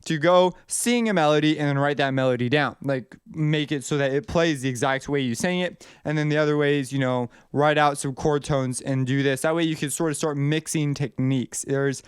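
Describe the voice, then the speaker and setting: In a casual video lesson, a young music composition teacher explains melody writing loosely and conversationally, restarting sentences and thinking aloud. His slightly high voice is smooth, clear and steady, at normal speed with few pauses, in a close, dry recording.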